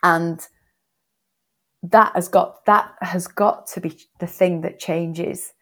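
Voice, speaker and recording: Gravelly low-voiced woman. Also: steady tone, slow pace, a bit bright. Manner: emphatic, earnest, repeats words for stress. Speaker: author and coaching guest. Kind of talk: podcast interview answers.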